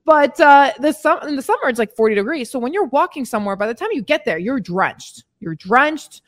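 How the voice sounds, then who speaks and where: A woman with a fairly high voice that swings widely in pitch, speaking as a weight-loss coach in a casual motivational podcast. She talks candidly and chattily, addressing her listeners as ladies and letting the odd swear word slip. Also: expressive, brisk.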